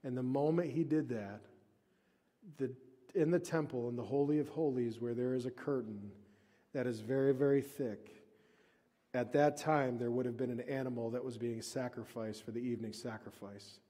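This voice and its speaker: A man preaching a sermon as pastor at a church service, moving from emphatic reading to hushed, intense explanation. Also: medium pitch, steady tone, moderate pace, long reverb tail.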